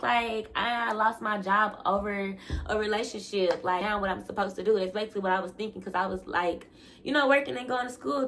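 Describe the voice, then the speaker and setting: Young woman, casual storytime vlog, mid pitch, faint hiss. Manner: animated, laughing, acts out quotes with big pitch jumps.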